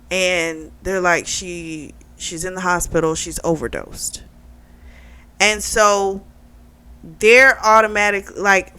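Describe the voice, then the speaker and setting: A woman's voice: medium pitch, fairly bright tone. A woman casually recapping a novel's plot, talking through the characters' lines with lots of fillers. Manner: chatty, retells with quoted dialogue and many fillers. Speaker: book club vlogger.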